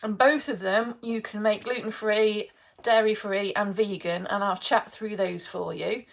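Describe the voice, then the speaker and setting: A woman's voice: medium pitch, fairly even intonation, unhurried, gravelly. A middle-aged woman from England chatting casually on a live baking stream, greeting viewers by name and laughing often.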